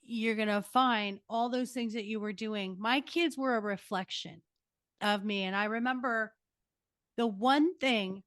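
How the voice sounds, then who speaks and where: A woman's voice: a little high, unhurried, dry recording, clean studio sound. An older woman hosting a podcast interview, giving earnest, emphatic parenting advice. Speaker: podcast host. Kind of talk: casual interview chat.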